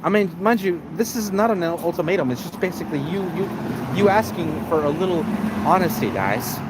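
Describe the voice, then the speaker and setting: A man giving rambling casual commentary on a live stream. He restarts often and keeps calling out to "ladies and gentlemen.". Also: sits high, animated, fairly quick, background noise.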